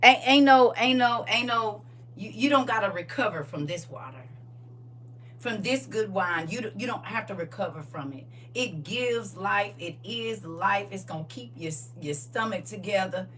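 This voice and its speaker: A middle-aged woman gives an animated sermon with a bright voice. She moves between hushed asides and loud, punchy lines and acts out the voices of the people she talks about. She is picked up from some distance, with a faint hum underneath. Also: mid-range voice, moderate pace. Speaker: preacher. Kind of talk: lively sermon to a live congregation.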